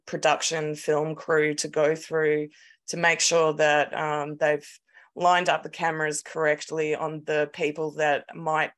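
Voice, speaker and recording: Slow-talking sweary Australian woman. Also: deep voice. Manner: sweary, animated storytelling. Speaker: podcast co-host. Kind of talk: casual chat.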